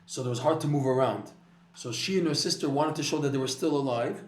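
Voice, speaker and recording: Animated male Torah teacher, echoey room. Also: mid-range voice, brisk. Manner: animated storytelling with many restarts. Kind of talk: spoken Torah class.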